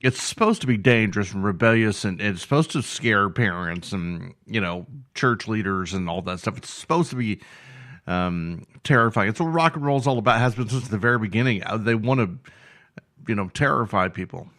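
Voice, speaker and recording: A man's voice: fairly low pitch, a little fast, fairly bright tone. A man hosting a music review show, chatting casually and rambling with self-deprecating jokes, having just woken up. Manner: rambling, self-deprecating, full of fillers and repeats.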